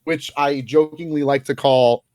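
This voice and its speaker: A man's voice: a little high, steady tone, measured pace, a little mellow, no room sound. A man co-hosting a podcast in casual chat, telling stories animatedly and laughing often. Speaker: podcast co-host.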